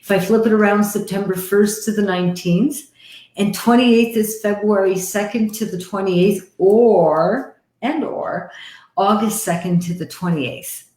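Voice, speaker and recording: A woman from Canada, a psychic medium hosting a live-stream card reading, chatty and animated, with frequent laughter. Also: mid-range voice, unhurried, echoey room.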